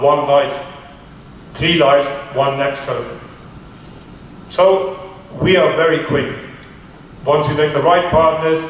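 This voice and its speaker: Earnest man telling a story in an echoey room. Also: a little high. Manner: earnest, halting, with many restarts. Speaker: charity founder guest. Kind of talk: storytelling in a radio interview. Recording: echoey room, far from mic, faint hiss.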